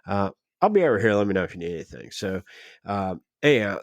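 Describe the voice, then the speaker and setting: A man telling a story on a podcast, animated and acting out the dialogue of the people in it. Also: lowish voice, fast talker, dry recording. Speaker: podcast guest. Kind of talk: casual storytelling.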